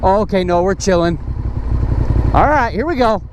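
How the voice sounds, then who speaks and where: A young man riding a motorcycle and chatting excitedly to his viewers and to the animals he passes. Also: high-pitched, normal speed. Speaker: motovlogger. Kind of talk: casual riding commentary. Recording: loud engine and wind noise.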